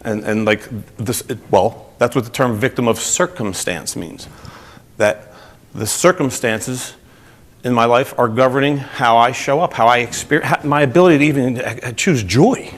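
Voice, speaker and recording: Jersey guy giving a pep talk to a room, keeps asking the crowd stuff, mid pitch. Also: moderate pace. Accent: New Jersey. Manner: energetic, asks the audience questions. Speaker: speaker. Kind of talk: motivational talk to a group.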